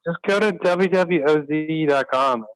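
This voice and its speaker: A man's voice: on the high side, unhurried, smooth, no echo, poor audio. A man chatting casually on a video call, easygoing and chatty. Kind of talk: casual chat.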